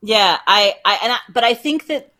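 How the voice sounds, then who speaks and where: A woman's voice: medium pitch, expressive, moderate pace, pushed and bright. A woman appearing as a guest on a podcast, talking things through thoughtfully in a casual discussion, with frequent restarts. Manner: thoughtful, talks in restarts and trailing phrases.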